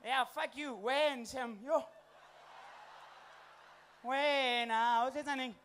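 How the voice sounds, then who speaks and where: A young South African man performing a stand-up comedy set, animated and slipping into voices and township slang. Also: very high-pitched, takes it slowly, slight background noise. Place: comedy stage before a live audience.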